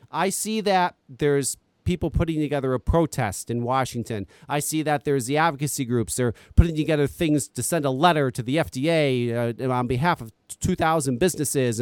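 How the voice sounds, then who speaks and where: A man's voice: a little high, smooth, dry recording. A man ranting on a podcast, exasperated and profane, talking close to the mic. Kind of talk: heated podcast commentary.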